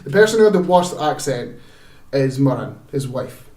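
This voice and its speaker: A young Scottish man co-hosting a podcast, giving his opinions in halting casual chat. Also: mid-range voice, big pitch swings, darkish tone, echoey room, distant mic. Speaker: podcast co-host.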